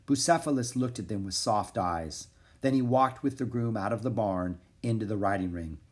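A man reading a children's chapter book aloud in an expressive storytelling manner. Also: on the low side, moderate pace, husky. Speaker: narrator.

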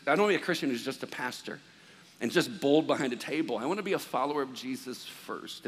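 A man preaching a sermon, lively and jokey, acting out both sides of everyday conversations. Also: fairly high pitch. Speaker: pastor. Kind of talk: sermon with comic storytelling. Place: large church hall with reverb. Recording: long hall reverb.

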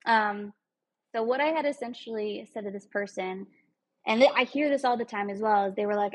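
A woman's voice: mid-range voice, a little fast, rough recording. A woman speaking in an earnest, emphatic way, giving a casual motivational talk with some rambling asides.

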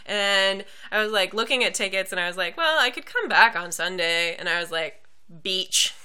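A young woman co-hosting a relaxed chat, her voice very bright and crisp. She talks in quick bursts, with easy asides and frequent laughter. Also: mid-range voice. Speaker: podcast co-host. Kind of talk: casual chat.

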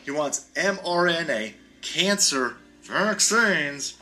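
A man rants as a podcast host, heated and sarcastic, with frequent swearing. His voice sits fairly high for a man and comes out bright and forceful. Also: animated, takes it slowly. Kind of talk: ranting podcast commentary.

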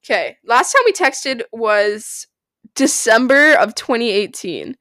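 A young woman hosting a casual solo podcast, rambling and giggly, breaking into squeals and yells. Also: a little high, very animated, takes it slowly, no room sound. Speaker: podcast host.

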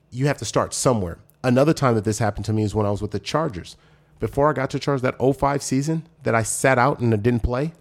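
A man in his forties, a former pro football player, telling stories as a podcast guest and acting out what people said. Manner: animated, acts out quoted voices with big pitch jumps. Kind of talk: casual storytelling chat.

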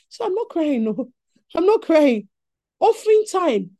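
A woman with a Nigerian accent preaching a sermon in an animated teaching style. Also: high voice, moderate pace.

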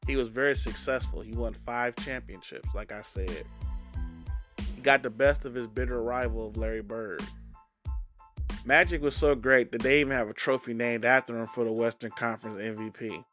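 A man's voice: medium pitch, a bit bright. A man hosting a sports podcast, chatting casually with guests and then wrapping up the episode alone. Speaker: podcast host.

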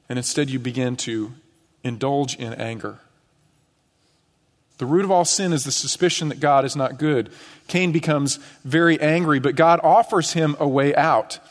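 Middle-aged guy preaching, earnest, gets emphatic then drops low, big church echo. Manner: earnest, rising to emphatic questions and dropping low on key phrases. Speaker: pastor. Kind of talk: sermon. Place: church sanctuary. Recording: long church reverb.

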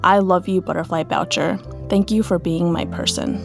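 A woman podcast host narrating and gently asking interview questions. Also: fairly low pitch, fairly even intonation, moderate pace, vocal fry, music in the background.

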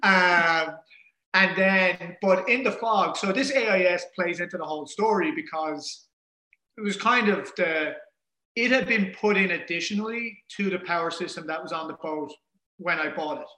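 A man casually telling a story in an animated way, acting out the things people said. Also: high voice, normal speed. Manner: animated, acts out quoted dialogue. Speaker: guest telling an ocean rowing story. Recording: roomy echo.

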